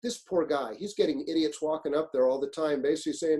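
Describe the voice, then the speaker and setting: Blunt, animated fire officer telling stories. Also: male voice, a little high, quick pace, poor audio. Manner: animated storyteller, acts out quotes, blunt and profane. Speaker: fire service leadership instructor. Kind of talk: webinar presentation, storytelling. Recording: webinar, own presentation.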